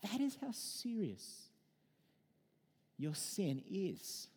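A man in his thirties preaching in a chatty, animated way, his mellow voice swinging widely in pitch. He talks from a church, and his words hang in a long reverb. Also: extremely slow, breathy edge. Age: 30s. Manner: animated, conversational preaching with personal anecdotes. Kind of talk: sermon.

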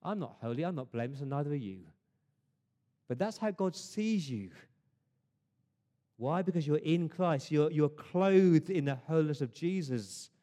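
A man's voice: fairly high pitch, expressive, normal speed, pauses often, dark tone. A man preaching a sermon to his congregation, earnest, often restarting words and asking rhetorical questions. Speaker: pastor. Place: church service.

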